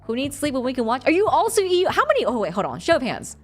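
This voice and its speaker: Over faint background music, a young woman with a high voice talks quickly and animatedly on a live stream, casually chatting with her viewers. She reads their messages out loud and laughs frequently.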